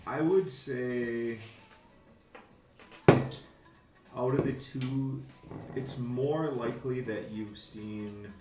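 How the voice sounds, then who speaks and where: A man narrating a tabletop game as game master, halting, with many fillers. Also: mid-range voice. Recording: echoey room, faint music.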